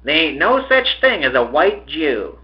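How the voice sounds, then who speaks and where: A man's voice: fairly high pitch, very animated, measured pace, lo-fi sound, voice pushed up. A man doing a bossy, sneering street boy. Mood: scornful.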